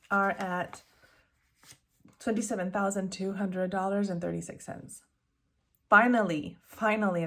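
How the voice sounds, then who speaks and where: A woman's voice: medium pitch, vocal fry. A woman budgeting vlogger talking casually to camera, candid and rambling with fillers, self-corrections, nervous laughs and sighs.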